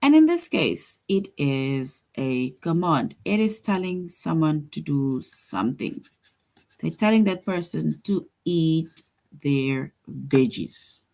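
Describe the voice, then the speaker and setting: A woman teaching a grade two class online, speaking in a slightly low voice. She talks at an unhurried, deliberate pace, pausing to read each example sentence aloud before explaining it. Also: very animated, gravelly, warm tone.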